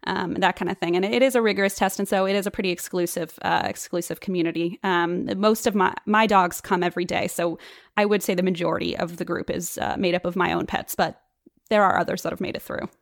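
Brief: woman playing an earnest, rambling dog-ministry lady, halting with fillers, dry studio sound. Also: lowish voice, fairly even intonation, creaky, no room sound. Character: earnest woman running a church dog daycare. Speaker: guest. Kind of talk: improvised comedy podcast.

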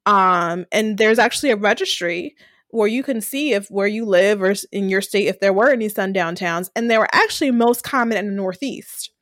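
A woman's voice: medium pitch, normal speed, a bit bright, dry recording, studio quality. A young woman from Delaware, co-hosting a podcast and animatedly retelling scenes from a TV series, laughing often. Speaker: podcast co-host recapping a TV series. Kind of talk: casual chat.

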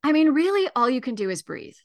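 A woman grief educator, a guest on a radio talk show, explaining things in a calm, earnest way. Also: high-pitched, fast talker. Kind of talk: radio interview.

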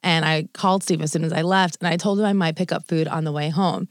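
A woman's voice: low voice, fast, no echo, studio quality. A young woman co-hosting a casual podcast, telling a long anecdote with lots of "like", swearing and laughter. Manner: animated storytelling, acts out quoted lines, swears, laughs often. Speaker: podcast co-host.

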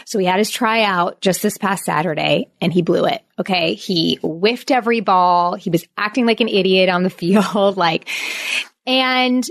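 A woman in her thirties hosting a casual chat, animated and talkative. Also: medium pitch, a little slow, no echo, clean studio sound. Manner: chatty and animated, acting out her son's voice. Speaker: podcast host.

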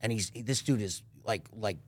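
A man's voice: on the low side, moderate pace, no room sound. A man guest telling a story in casual podcast chat, acting out what others said and swearing freely. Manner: animated storyteller, swears freely, acts out quotes.

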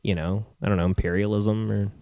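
A man co-hosting a comedy podcast, joking excitably in casual banter. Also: lowish voice, no room sound, studio quality. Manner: excitable, joking, quick to laugh. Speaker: podcast co-host.

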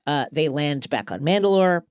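A man's voice: on the high side, lively intonation, moderate pace, clean tone, no room sound. A man co-hosting a podcast, recapping an episode in casual chat with a playful, joking manner. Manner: playful, retells scenes with quoted voices. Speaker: podcast co-host.

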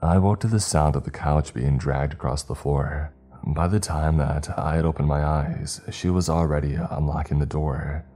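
A man narrating a first-person horror story in a tense, hushed way. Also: extremely low pitch.

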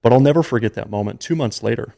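A man's voice: medium pitch, fast talker, creaky, dark tone. A man in his thirties, a podcast guest, telling a personal story in an earnest, emotional, conversational way.

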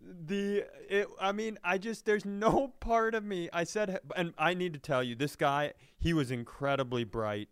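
A middle-aged man, a stand-up comedian, telling a long story in casual chat, animated and profane, laughing as he talks. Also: high voice, unhurried, few pauses, clear, resonant tone, no echo. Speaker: stand-up comedian, podcast guest.

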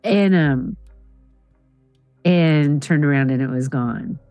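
A woman's voice: sits low, takes it slowly, dark tone, dry recording, soft background music. A woman co-hosting a podcast, chatting casually and retelling a spooky story. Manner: chatty storyteller, quotes people in raised voice. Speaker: podcast co-host. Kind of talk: casual chat.

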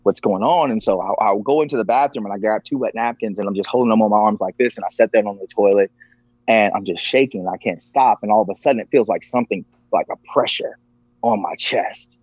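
A man's voice: lowish voice, quick pace, darkish tone, slightly rough, no echo. A man sharing a personal story as a podcast guest, earnest and emotional. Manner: earnest, emotional, acts out quoted voices. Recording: dull lo-fi, dry.

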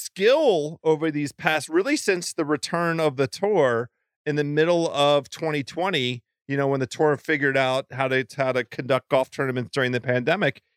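Man, podcast co-host, casual golf chat, smooth resonant voice, laid-back, lots of fillers. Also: a little high, normal speed, dry recording, studio quality.

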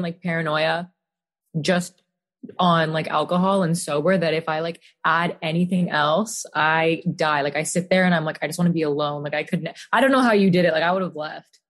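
Casual young woman, lower voice. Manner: casual, filler-heavy, trailing quieter. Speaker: podcast guest. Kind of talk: casual chat.

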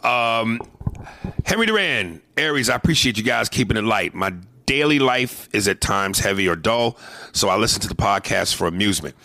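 A man hosting a comedy podcast, telling profane, animated stories in casual chat. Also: fairly low pitch, normal speed, creaky, no room sound.

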